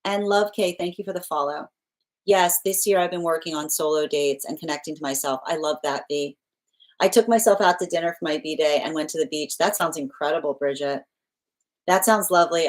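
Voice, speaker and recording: A woman with a slightly low voice chats casually on a tarot livestream. She reads out viewer comments, thanks people by name and laughs easily along the way. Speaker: tarot reader hosting a livestream.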